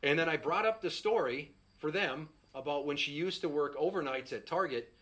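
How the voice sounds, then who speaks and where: A man's voice: fairly high pitch, moderate pace, fairly bright tone. A middle-aged man doing a stand-up set, telling a profane, exasperated story and acting out the quotes. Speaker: stand-up comedian.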